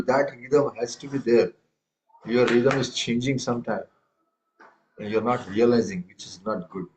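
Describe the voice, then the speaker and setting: Over a video call, a man teaches an online tabla class, correcting his students and reciting rhythm syllables aloud. His voice is medium in pitch and unhurried, with background noise present.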